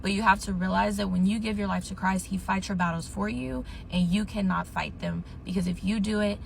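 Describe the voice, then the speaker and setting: A woman with a gravelly, creaky edge to her voice shares an earnest faith testimony, reassuring her listeners. A faint hum of ambience sits behind her. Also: medium pitch, steady tone, fairly quick. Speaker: speaker giving a testimony.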